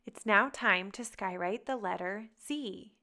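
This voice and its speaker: A woman's voice: mid-range voice, a little slow, bright, forceful tone. A woman teaching phonics to young children, sounding out letters one at a time and guiding them step by step. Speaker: reading teacher.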